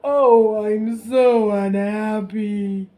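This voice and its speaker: A woman voicing a weeping, self-pitying king in a children's story, sobbing and wailing with drawn-out words. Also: sits high, huge pitch swings, a little mellow, exaggerated voice.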